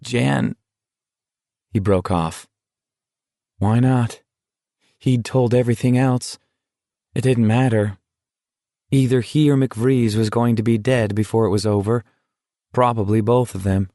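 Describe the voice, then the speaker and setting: This scripted audiobook narration comes from a man with a mid-range voice, delivered in an even, measured storytelling style. It's studio quality with no room sound.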